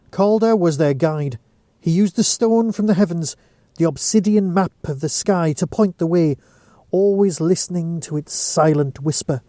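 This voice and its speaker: A man reads a short story aloud at a steady storytelling pace. His voice is high for a man and mellow in tone. The recording is dry and close. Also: no room sound. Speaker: narrator.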